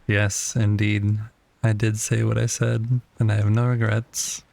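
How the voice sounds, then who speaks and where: A man's voice: lowish voice, level tone, measured pace, gravelly, a little mellow, no echo. A man livestreaming a game, casually chatting with his viewers and teasingly talking to the creatures he meets.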